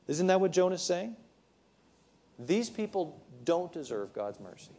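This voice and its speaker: A man's voice: high voice, sing-song, measured pace, mellow. Conversational male preacher. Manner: conversational storytelling, frequent restarts. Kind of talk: sermon.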